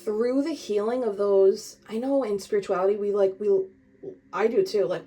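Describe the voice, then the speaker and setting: A young woman gives a casual spiritual tarot reading, speaking directly to the viewer. Her mid-range voice is warm and moves at a normal speed, and her talk is chatty, meandering and emphatic.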